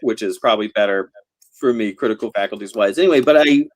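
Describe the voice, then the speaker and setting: Talking fast in a fairly low voice, a novelist joins a casual video-call chat as a guest. His talk rambles, broken by frequent laughter and fillers.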